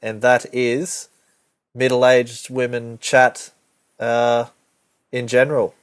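A man's voice: medium pitch, flat delivery, slow pace, no echo. A young man co-hosting a podcast, telling stories in crude, laid-back slang. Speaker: podcast co-host. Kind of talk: casual banter.

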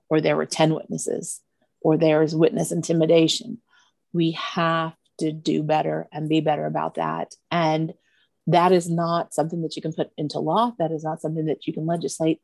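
A middle-aged woman, a guest, telling a personal story earnestly, with pauses and restarts. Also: low-pitched, vocal fry, darkish tone, no room sound.

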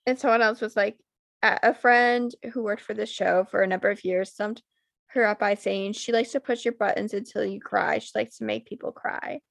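A woman's voice: mid-range voice, steady tone, moderate pace, gravelly, a bit bright, no echo. A young woman co-hosting a casual podcast, swearing freely and filling her talk with "like". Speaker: podcast co-host.

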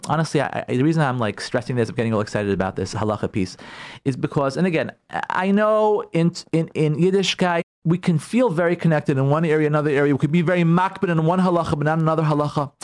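A man, a rabbi, giving an emphatic radio talk on Jewish law and marriage, repeating key words and acting out his listeners' objections. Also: on the high side.

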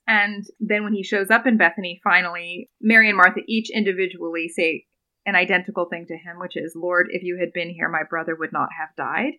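On a roughly recorded podcast, a young doctoral guest in biblical studies retells a scripture story in a mid-range voice that sounds pushed and bright. She's earnest, with lots of ums and little laughs.

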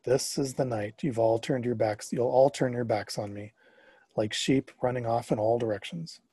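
A man voicing a calm, firm adult male spiritual teacher in a storybook reading, gentle but commanding. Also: mid-range voice, moderate pace, husky, no room sound. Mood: somber. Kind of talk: storybook narration.

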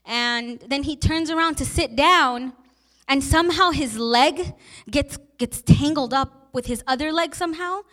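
Young woman pastor, high voice, heartfelt storytelling sermon. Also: unhurried, fairly bright tone. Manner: personal storytelling, emotional and earnest.

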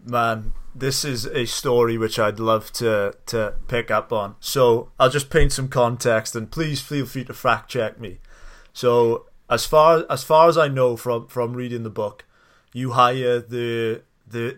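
A man's voice: medium pitch, steady tone, a little slow, fairly bright tone. A male podcast host in an interview, friendly and curious. He retells his guest's story with small hesitations before he asks the next question.

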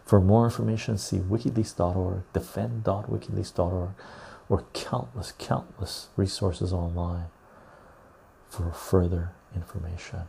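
Calm gravelly-voiced man. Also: deep voice, a little hiss or hum. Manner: calm, unhurried, swears freely, laughs often. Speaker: podcast host reading live chat. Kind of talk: casual livestream chat.

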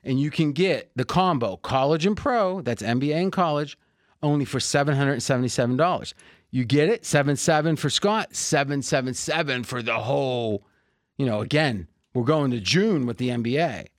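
A man hosting a sports betting podcast in a joking, salesy way, pitching deals to his listeners. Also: expressive, moderate pace, dry recording, studio quality. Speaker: podcast host.

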